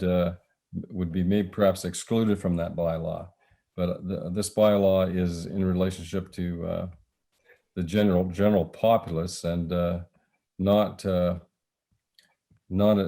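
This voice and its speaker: A man with a Canadian accent chairing a council meeting as mayor, speaking haltingly with many filler pauses and a voice he is losing. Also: sits low, dark tone. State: losing his voice.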